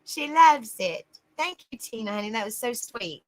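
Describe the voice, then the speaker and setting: A woman's voice: fairly high pitch, animated, moderate pace. A woman hosting a casual livestream, greeting viewers by name and calling them honey. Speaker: livestream host.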